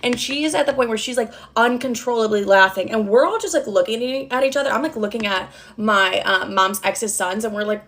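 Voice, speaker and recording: A woman's voice: a little high, a little fast, hardly any pauses, fairly bright tone. A young woman telling a story in a casual storytime, chatty, swearing often and saying "like" a lot.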